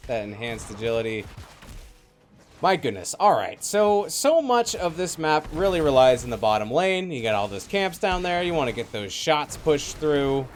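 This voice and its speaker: A man's voice: a little high, moderate pace. A man casting a video game match live, calling plays and reading chat. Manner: lively play-by-play, reads chat. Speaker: esports caster. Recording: slightly noisy online stream audio.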